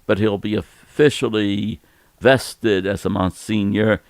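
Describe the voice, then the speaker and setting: Older male priest in his 70s, gravelly and low, relaxed explainer on a dry close mic. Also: slow pace, no room sound. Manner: gentle, explanatory, laughs easily. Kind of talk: casual Q&A chat.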